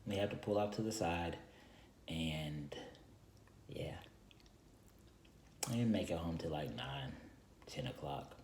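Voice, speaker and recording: A young man vlogging, telling a long story in a casual, animated and rambling way, with lots of repeated phrases. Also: very deep voice, slow pace, long pauses, slight background noise. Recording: echoey room.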